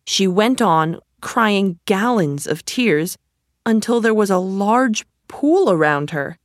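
A woman reading a children's story aloud in a gentle, deliberate storytelling manner. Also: mid-range voice, animated, no room sound, studio quality. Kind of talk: slow storybook narration.

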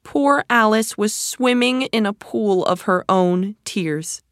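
A woman reading a children's story aloud in a gentle, deliberate storytelling manner. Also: mid-range voice, no echo, clean studio sound. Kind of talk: slow storybook narration.

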